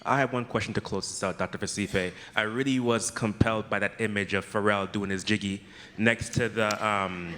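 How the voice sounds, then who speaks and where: A man's voice: on the low side, steady tone, a little fast, sharp tone, in a large hall, slight background noise. A man moderating audience questions at a conference, enthusiastic and reflective. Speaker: session moderator. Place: conference hall.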